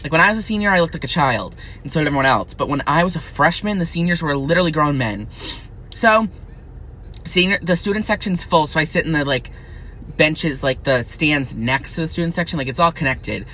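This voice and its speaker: A young man in college, venting in a profane, angry, unfiltered rant to camera that swings into high, shrill outbursts. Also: lively intonation, fairly quick, sharp tone. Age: young adult. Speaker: vlogger.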